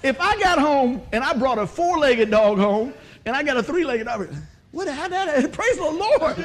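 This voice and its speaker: A man's voice: extremely high pitch, lively intonation, normal speed, background noise. A male pastor, telling a funny story in a sermon, laughing often and acting out the voices.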